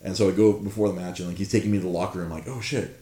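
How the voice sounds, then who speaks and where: A man telling a story in casual chat, animated and profane, laughing often. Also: deep voice, very fast. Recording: roomy echo.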